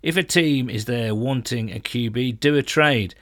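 A man co-hosting a casual sports chat, reading listener messages aloud and adding his own quick takes. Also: medium pitch, fairly bright tone, no room sound, studio quality. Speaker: podcast co-host reading listener comments.

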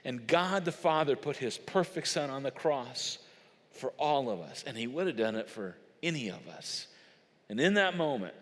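A man preaching a sermon, swinging from loud emphatic lines to hushed, slow ones. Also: medium pitch, lively intonation. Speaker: pastor. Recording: hall reverb.

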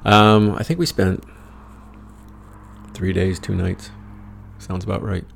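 A man's voice: deep voice, flat delivery, slow pace, vocal fry, slight background noise. An American man telling a rambling travel story in a wry, profane, self-mocking way. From United States. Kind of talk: casual personal storytelling.

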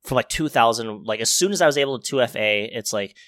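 Bright-voiced young man chatting loosely. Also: medium pitch, lively intonation, quick pace, no room sound. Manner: rambling, profane, many fillers and restarts. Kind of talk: casual chat.

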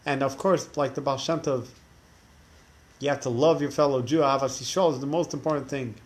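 A man's voice: mid-range voice, fairly even intonation, fairly quick. A man teaching a religious class who tells stories animatedly, acting out the characters, with frequent restarts. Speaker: Torah teacher.

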